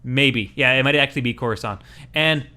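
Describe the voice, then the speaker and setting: A man's voice: mid-range voice, a little fast, pushed and bright. A man co-hosting a gaming podcast, talking casually and rambling with many fillers. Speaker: podcast co-host.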